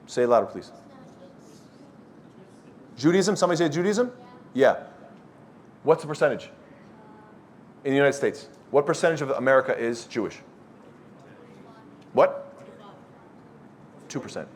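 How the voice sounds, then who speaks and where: A man's voice: medium pitch, lively intonation, a little slow, pauses often, slight background noise. A man giving a blunt, scolding sermon to a youth circle, quizzing the audience with questions. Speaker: speaker at a youth study circle. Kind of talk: lecture-style sermon to a live audience.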